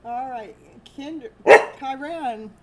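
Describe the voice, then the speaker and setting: A woman hosting a live tarot stream from home, chatting casually and laughing often. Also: sits high. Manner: slow, chatty, laughs often, baby-talks to her dog. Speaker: tarot reader and livestream host. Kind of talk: casual livestream chat. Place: at home with a dog. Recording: noticeable background noise.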